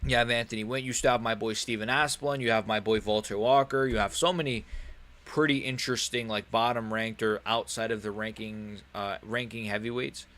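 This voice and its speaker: A man's voice: fairly low pitch, fairly even intonation, fairly quick, a bit bright. A man hosting a live stream, reacting to fights in a rambling, joking way full of slang.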